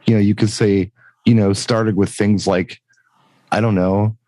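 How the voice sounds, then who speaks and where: A man's voice: lowish voice, little pitch movement, unhurried, mellow, dry recording. Reflective middle-aged man, dry sound. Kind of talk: casual chat.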